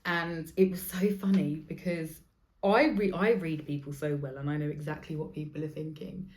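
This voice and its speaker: A woman's voice: sits low, fairly even intonation, moderate pace, darkish tone. A woman, hosting a podcast and telling stories in a chatty way that is full of swearing. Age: 40s. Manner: chatty, swears freely, acts out other people's lines. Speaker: podcast host. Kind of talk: casual storytelling monologue.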